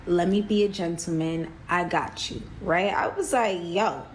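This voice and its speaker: A woman from New York telling a dating story in a chatty, animated way, acting out what each person said. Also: fairly low pitch, a little slow, slight background noise, poor audio. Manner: chatty, animated, acts out quoted dialogue. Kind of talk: casual storytelling.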